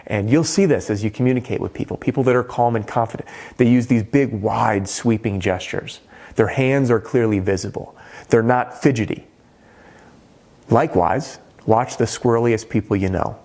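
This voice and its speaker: A man, a roofing sales trainer, giving a direct-to-camera sales training talk, animated and playing with pauses and tone. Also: medium pitch.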